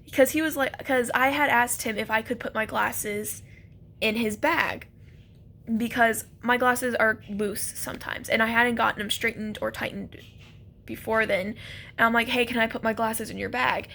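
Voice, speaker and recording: A young woman telling a casual, animated story about a first date, laughing and acting out quotes. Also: fairly high pitch, moderate pace, gravelly. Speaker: vlogger.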